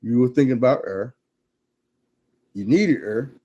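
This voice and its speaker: A man voicing a calm male mentor who teaches a hard life lesson in a steady, preaching way. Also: mid-range voice, unhurried, lo-fi sound. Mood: calm, instructive.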